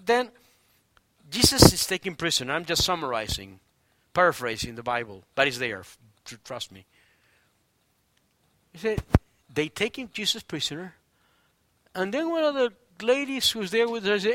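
Animated high-voiced preaching man. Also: normal speed. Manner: animated storytelling, acts out quoted voices; swings between loud preaching and hushed near-whispers. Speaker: pastor. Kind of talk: sermon.

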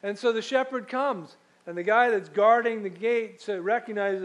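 A man's voice: high voice, normal speed, poor audio. A man preaching a sermon as pastor, telling stories in a conversational way and reading scripture aloud.

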